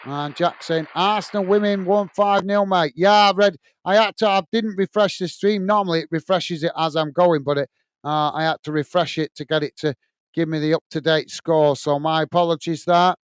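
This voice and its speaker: A man's voice: fairly high pitch, steady tone, moderate pace, clear, resonant tone, no echo, clean studio sound. An English man hosting a live football watch-along, casually reading out viewer comments and giving friendly, repetitive sign-offs with lots of fillers.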